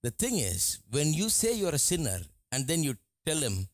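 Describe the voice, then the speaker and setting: A male preacher giving a sermon, animated and often laughing as he acts out what people say. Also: a little high, moderate pace, no room sound. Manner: animated, laughing, mimics voices in quotes.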